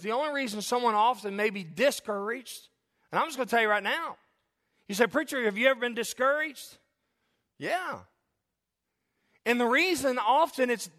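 A man's voice: very high-pitched, pushed and bright, in a large hall. A man preaching a sermon as pastor, emphatic with call-and-response and jokes, in a church sanctuary.

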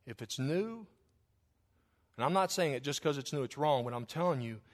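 A man preaching a sermon to his church, swinging from loud declarations to hushed asides. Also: on the high side, animated, normal speed. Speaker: pastor. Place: church sanctuary, also streamed online.

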